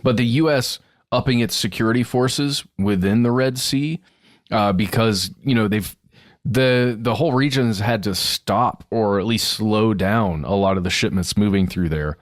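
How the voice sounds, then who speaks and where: A man's voice: fairly low pitch, normal speed, no room sound, clean studio sound. A man co-hosting a podcast, thinking aloud in a hesitant, casual way. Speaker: podcast co-host.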